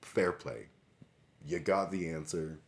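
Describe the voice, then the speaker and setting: A man's voice: extremely low pitch, slow, creaky, a little hiss or hum, full character voice. A man voicing a petulant, boastful young man in a sarcastic, mock-casual tone. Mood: smug.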